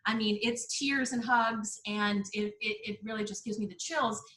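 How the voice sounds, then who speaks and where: A woman guest on a podcast speaks with a bright, forceful voice. She talks earnestly and pauses often with "um". Her voice carries a roomy echo. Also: mid-range voice, steady tone. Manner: warm, earnest, many "um" pauses. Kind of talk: casual interview chat.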